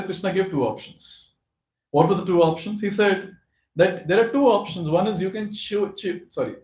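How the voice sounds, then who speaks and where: Man telling a devotional story. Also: sits high. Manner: animated storyteller who addresses the audience. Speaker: speaker at a youth forum. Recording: echoey hall.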